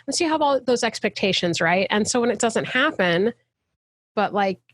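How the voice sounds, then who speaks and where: A woman's voice: medium pitch, lively intonation, normal speed, dry recording, clean studio sound. A woman, a guest actor, talking passionately and emphatically in a casual interview over a video call. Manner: passionate, emphatic, soapbox ranting.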